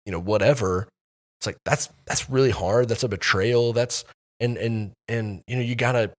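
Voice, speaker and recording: A man co-hosting a church podcast, talking casually with many restarts and pauses. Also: mid-range voice, fairly even intonation. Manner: hesitant, many restarts and fillers. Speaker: pastor and podcast co-host.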